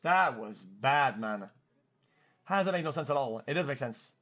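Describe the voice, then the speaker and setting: A man in his twenties with a French-Canadian accent, a streamer telling a story in casual chat, excitable, cursing freely and stumbling over repeated words. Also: mid-range voice, moderate pace. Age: 20s.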